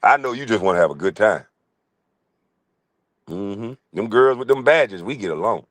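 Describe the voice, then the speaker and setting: A middle-aged man streaming a profane comic rant, crude, loud and laughing often. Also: fairly low pitch, expressive, moderate pace, dry recording.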